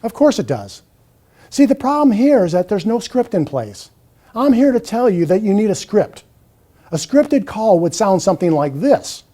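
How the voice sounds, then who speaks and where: Guy explaining marketing, high lively voice, kinda mellow tone, bit mocking. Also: moderate pace. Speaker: marketing presenter. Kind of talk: scripted marketing talk.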